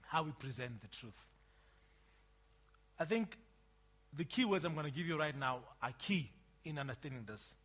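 Male preacher, bright high voice, lively emphatic delivery, sermon. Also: normal speed, long pauses, slightly rough. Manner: emphatic, swings from loud outbursts to quiet asides.

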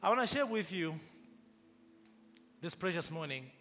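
A man's voice: on the high side, sing-song, unhurried, sharp tone, big-room sound, soft background music. A man preaching a sermon to a congregation, prompting them to respond and building to emphatic rises. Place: church.

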